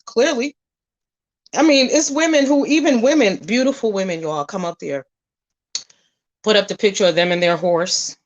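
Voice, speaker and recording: A woman with a mid-range voice vents in a casual vlog rant, blunt and full of swearing. She keeps firing rhetorical questions at her listeners. Her storytelling is lively, and her volume swings from loud to soft. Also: mid-range voice, poor audio. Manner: animated storytelling, drifting between loud and soft. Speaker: vlogger. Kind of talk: casual straight-to-camera rant.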